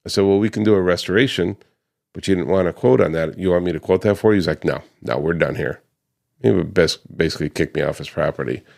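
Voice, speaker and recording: Talking quickly in a low, creaky, somewhat dark voice, an American paver restoration business owner tells the camera a story about a client dispute. The conversation is loose, with quoted customers acted out and frequent ums and false starts.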